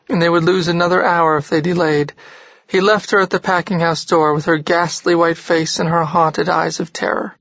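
A man reading a classic novel aloud in a steady, measured way. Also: sits high, no room sound, muffled recording. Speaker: audiobook narrator. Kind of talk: scripted narration of a classic novel.

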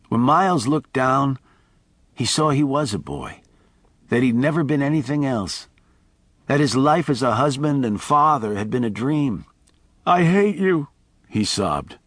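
A man narrating an audiobook in a measured, expressive reading. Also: medium pitch, dry recording.

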